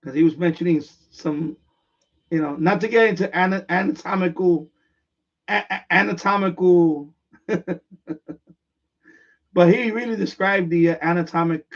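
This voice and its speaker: Gravelly man rambling on a lo-fi stream. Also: high-pitched, moderate pace, long pauses. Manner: rambling, repetitive storytelling with frequent restarts. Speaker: live stream host. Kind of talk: casual live-stream chat. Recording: far from mic, dull lo-fi sound.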